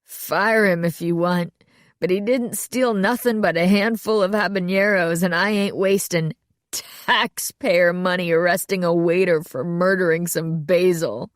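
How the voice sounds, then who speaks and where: A woman voicing a folksy, mocking male small-town sheriff with a slow drawl. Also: fairly low pitch, fairly even intonation, no room sound, clean studio sound, close to an everyday voice. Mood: amused.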